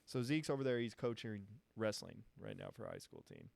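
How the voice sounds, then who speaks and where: A young man in a casual podcast chat, an animated storyteller who laughs often and swears freely. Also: lowish voice, fairly quick, vocal fry, no echo. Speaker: podcast participant. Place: podcast studio.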